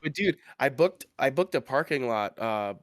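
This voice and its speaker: A man's voice: mid-range voice, animated, normal speed, no room sound, studio quality. A man co-hosting a podcast, telling a story in casual chat, rambling with lots of fillers and restarts. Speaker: podcast co-host.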